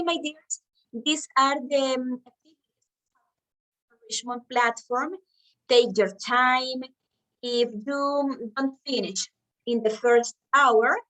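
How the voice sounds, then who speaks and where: Woman teacher, high voice, patiently repeating words, kinda far from the mic on a video call. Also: fairly bright tone. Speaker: English teacher. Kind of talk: online class lesson. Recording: distant from the mic.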